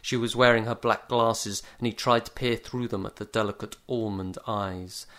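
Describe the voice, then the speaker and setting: A man narrating a comic short story in a dry, measured deadpan. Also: on the low side. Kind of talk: story reading.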